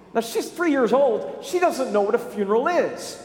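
A man delivers a storytelling sermon, often repeating little words as he goes. His voice sits high for a man. The sound is roomy, with a long, trailing reverb. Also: lively intonation, a little mellow. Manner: repetitive, halting storytelling. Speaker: pastor. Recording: echoey, reverberant space.

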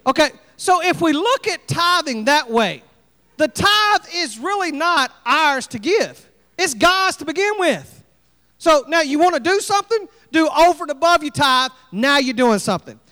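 A pastor preaching a sermon, folksy and animated, acting out little scenes. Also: male voice, very high voice, moderate pace, long reverb tail. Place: church sanctuary.

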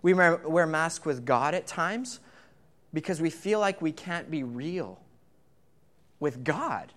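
A man's voice: a little high, animated, slow pace, a bit bright. A man preaching in a church, talking casually with the congregation and often repeating words as he starts a phrase. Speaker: pastor. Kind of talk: sermon with congregation interaction. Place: church sanctuary.

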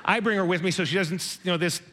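A middle-aged man with a high, light voice gives a sermon as a personal story. He talks conversationally and pokes fun at himself. He slips into the voices of the people he quotes. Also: fast talker. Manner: conversational, self-deprecating, animated retelling with quoted dialogue. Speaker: preacher.

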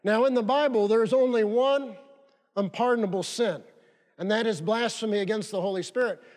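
A man with a notably high voice delivers a sermon from the pulpit. He drives his points home with emphatic repetition. His words trail off into the long reverb of a big sanctuary. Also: normal speed, a little mellow. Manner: emphatic, repeats key phrases for stress. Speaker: pastor. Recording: long reverb of a large hall.

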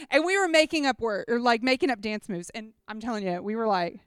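A woman giving a chatty, animated personal testimony to a gathering, often checking in with listeners. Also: fairly high pitch, normal speed, clear, resonant tone, dry recording, studio quality. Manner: chatty, animated storytelling with props. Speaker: speaker at a church gathering.

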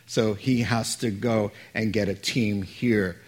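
A man's voice: lowish voice, fairly even intonation, takes it slowly. A man preaching a sermon as a pastor, conversational and joking with the congregation.

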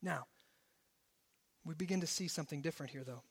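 A male pastor preaching a sermon to his congregation, swinging between forceful emphasis and hushed low asides. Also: fairly quick, husky. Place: church service.

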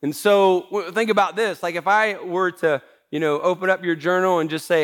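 A man's voice: sits high, fairly even intonation, moderate pace, few pauses, fairly bright tone. A man preaching a sermon as pastor, talking in a conversational way with self-deprecating humor.

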